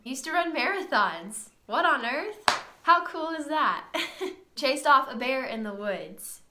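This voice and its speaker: A young woman giving a heartfelt birthday tribute to her father, reading from a list with soft laughs and a slightly tearful voice, in a sunroom at home. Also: high-pitched, big pitch swings, slow pace, background noise. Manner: tender, reading from notes with frequent soft laughs. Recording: roomy echo in a sunroom.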